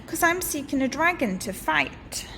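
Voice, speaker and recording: A woman's voice: high voice, very animated, a little slow, pushed and bright, a little hiss or hum, pitched above the performer's own voice, heavily acted. Woman voicing an eager brave little boy. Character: brave young boy knight, eager and polite.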